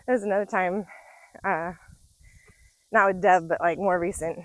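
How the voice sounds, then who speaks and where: A woman's voice: lowish voice, steady tone, a little slow, no room sound, low-quality recording. A woman in her forties telling casual stories while out on a walk, chatty and laughing often. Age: 40s. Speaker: vlogger. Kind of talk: casual storytelling. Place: outdoors on a nature walk.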